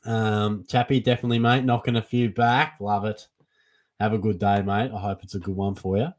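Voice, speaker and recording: A young Australian man hosting a casual live Q&A for a fantasy football stream, chatty and relaxed, calling everyone mate. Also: lowish voice, fairly quick. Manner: laid-back and chatty, calls everyone mate. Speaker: fantasy football livestream host. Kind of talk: casual live Q&A, reading chat questions.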